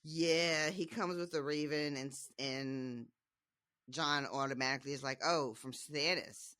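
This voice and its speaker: Woman podcast co-host, bright dry close sound, animated, laughs a lot. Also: deep voice, a little slow, no echo. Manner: animated, laughs often, acts out quotes. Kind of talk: casual book discussion.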